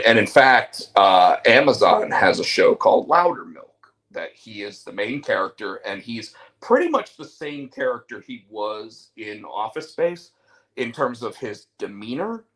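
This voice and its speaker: A man's voice: lowish voice, animated, measured pace, a bit bright, low-quality recording. Rambling male podcast host. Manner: rambling storyteller, many fillers and restarts. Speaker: show host. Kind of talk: casual chat.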